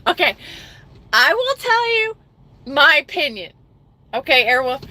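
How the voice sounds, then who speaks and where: A woman's voice: sits high, animated, unhurried, bright, forceful tone, poor audio. A middle-aged woman chatting emphatically on a livestream, reading viewer comments aloud, emotional after crying. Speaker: trucking livestreamer reading chat. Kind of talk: casual livestream chat.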